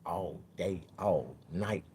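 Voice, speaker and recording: A man delivering a comedic vlog monologue in an RV, excitable and swearing constantly. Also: low-pitched, slow, a little hiss or hum.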